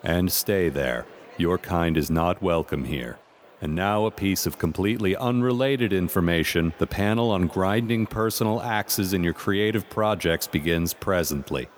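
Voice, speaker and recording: A man voicing a sarcastic, bored announcer at a convention, deadpan in tone. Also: low-pitched, normal speed, a little hiss or hum, lightly acted.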